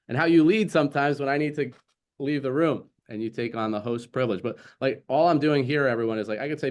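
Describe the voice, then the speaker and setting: A man's voice: medium pitch, fairly quick. A man with a mid-range voice hosting a community video call. He speaks in an encouraging, affirming way as he leads the group.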